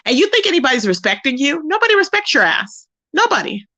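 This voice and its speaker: High-voiced sassy woman livestreamer. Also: sing-song, fast talker, pushed and bright. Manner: sassy, reads chat messages aloud and roasts a rival; drawls endearments like baby and boo. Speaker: livestream host. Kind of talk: casual livestream chat.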